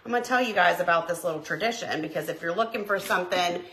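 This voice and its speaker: This middle-aged craft channel host talks fast in a lowish, bright, forceful voice, casually chatting with her livestream audience and naming them as she crafts at home. Faint background noise and room echo come through.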